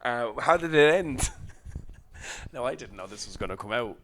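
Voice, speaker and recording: A man's voice: mid-range voice, expressive, a little slow, a bit bright. Young irish guy telling a funny story, laughs a lot, swears, regular mid voice. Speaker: podcast co-host. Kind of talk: casual chat.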